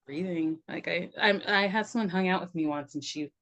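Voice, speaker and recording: Here a middle-aged somatic practitioner chats loosely and reflectively as a guest on a podcast, with frequent laughter and plenty of "like." She speaks at normal speed in a lowish, fairly bright voice, captured with lo-fi audio.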